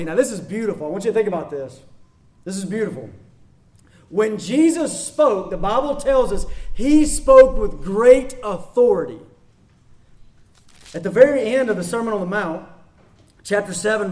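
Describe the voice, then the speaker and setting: High-voiced man preaching emphatically. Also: darkish tone. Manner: emphatic, repeats key phrases, asks rhetorical questions. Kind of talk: sermon.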